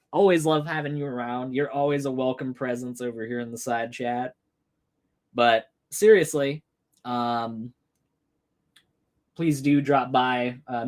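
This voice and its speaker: Profane, sarcastic male livestream host. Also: medium pitch. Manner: profane, sarcastic, laughs often; mocking put-on voices for imagined people. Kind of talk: casual livestream commentary.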